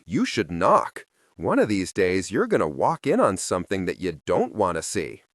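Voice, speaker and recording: A man voicing a gruff male mentor with a dry, sardonic way of speaking. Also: low voice, wildly swooping pitch, moderate pace, no echo, full character voice. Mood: wry.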